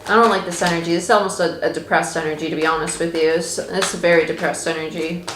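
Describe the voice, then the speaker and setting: Female tarot reader, lowish voice, casual and reassuring, roomy echo. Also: steady tone, quick pace, music in the background. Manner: chatty and reassuring, with casual swearing. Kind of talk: casual tarot reading monologue. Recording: echoey room with faint noise.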